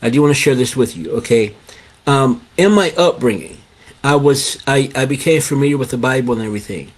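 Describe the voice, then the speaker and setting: Middle-aged male host, husky, loose repetitive live-stream delivery. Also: mid-range voice, animated, fairly quick. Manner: repetitive, restarts phrases, addresses "guys". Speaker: show host. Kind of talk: casual live-stream talk.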